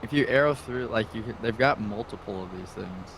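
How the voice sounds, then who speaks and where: A man's voice: on the low side, brisk, a bit bright, slight background noise, poor audio. Rambling man chatting over a game. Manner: rambling, laughing storyteller. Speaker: co-player. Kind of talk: casual chat while gaming.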